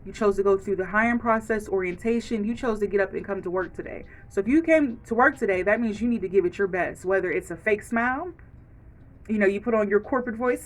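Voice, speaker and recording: A woman's voice: mid-range voice, quick pace. A woman ranting frankly to camera in a casual vlog, acting out quoted lines as she goes. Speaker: vlogger.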